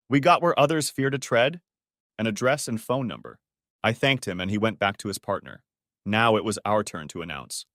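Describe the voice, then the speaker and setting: A man narrating a story audiobook in a steady, expressive reading style. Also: medium pitch, brisk, dry recording, clean studio sound.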